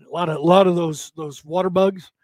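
Reading his stream chat, a man from California rambles to viewers in a folksy, casual manner, frequently ending sentences with "right?". He has a high, slightly mellow voice with fairly even intonation, speaks briskly, and there's no room sound.

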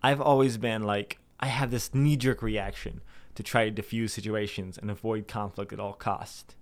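A man's voice: steady tone, moderate pace. A young man talking candidly to his viewers, rambling and self-deprecating, with many restarts and some swearing. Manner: puts on anxious inner voices in a sudden high pitch. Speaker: vlogger. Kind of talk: candid personal monologue to camera.

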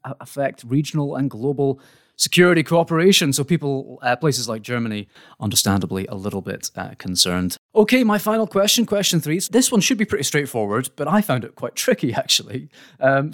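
Halting man hosting a quiz. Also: medium pitch, no echo, studio quality. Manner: halting, many fillers and restarts. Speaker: quiz host. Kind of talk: casual podcast quiz chat.

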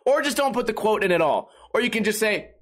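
A man's voice: high voice, lively intonation, fast talker. A man hosting a casual solo podcast, rambling in a profane, sarcastic, self-mocking way. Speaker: podcast host.

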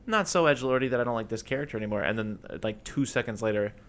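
A man co-hosting a podcast, chatting casually about a film and rambling with fillers and quick acted-out quotes. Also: mid-range voice, fairly bright tone. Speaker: podcast co-host. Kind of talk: casual movie discussion.

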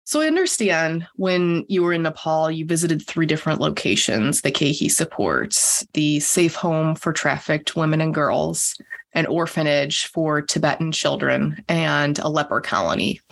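An interviewer asking questions in a warm, encouraging way. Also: mid-range voice, expressive, moderate pace, vocal fry.

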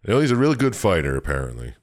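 A man with a very deep voice that still swings widely in pitch as he talks. He co-hosts a casual podcast, retelling a game's plot in a relaxed way, laughing often and swearing freely. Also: rapid-fire. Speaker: podcast co-host. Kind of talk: casual chat recapping a video game.

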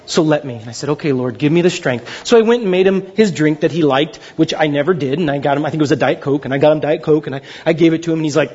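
A man's voice: fairly high pitch, very fast, hardly any pauses, darkish tone, breathy edge, dull audio. A man preaching a sermon and telling a personal story animatedly, often laughing and repeating words. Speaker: pastor.

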